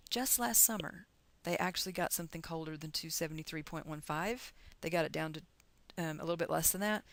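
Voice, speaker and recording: Chatty woman teacher, lowish dry voice. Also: vocal fry, a bit bright, no echo. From United States. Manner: chatty, encouraging, talks through calculations aloud. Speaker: chemistry teacher. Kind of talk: recorded lecture.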